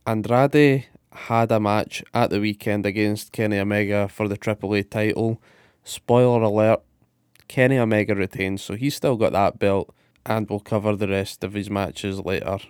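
A man's voice: on the low side, fairly even intonation, normal speed, darkish tone, smooth, no echo, studio quality. A man, co-hosting a casual podcast and rambling with sweary enthusiasm. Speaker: podcast co-host. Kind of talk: casual wrestling podcast chat.

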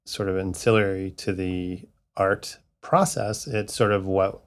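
A man with a very low, deep voice chats as a guest on a casual podcast. He rambles enthusiastically, piling up adjectives about the work his studio does. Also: fairly even intonation, measured pace. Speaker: guest, wallcovering studio co-owner.

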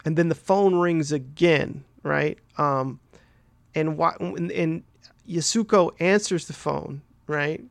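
A podcast host with a fairly high, gravelly voice speaks slowly with no echo. He casually recaps a film's plot, rambling and swearing, packing in fillers and tagging lines with "right?"

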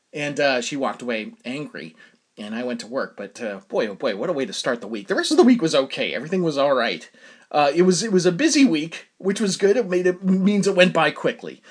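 A man's voice: mid-range voice, animated, fairly quick, breathy edge. A man hosting his own podcast, telling a casual solo story in a chatty, self-deprecating way and laughing often. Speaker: podcast host.

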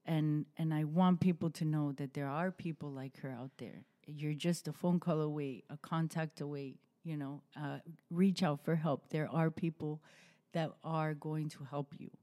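Heartfelt woman with a mellow voice. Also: deep voice, steady tone. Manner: heartfelt, halting, with restarts and soft laughs. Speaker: podcast host. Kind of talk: emotional personal testimony in an interview.

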